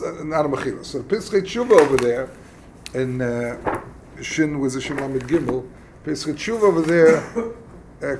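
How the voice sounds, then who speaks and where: A man teaching a casual text study lesson, explaining passages in a halting, conversational way and acting out quarrels. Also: on the high side, slight background noise. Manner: halting, explains texts plainly and acts out quarrels. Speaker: religious teacher.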